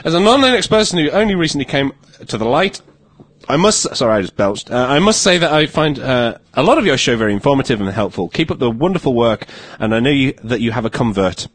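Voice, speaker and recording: A man's voice: medium pitch, very animated, slightly rough, dry recording. A man co-hosting a podcast, reading listener emails aloud in casual, jokey banter and laughing often. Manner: jokey, rambling, quick to laugh. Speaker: podcast co-host.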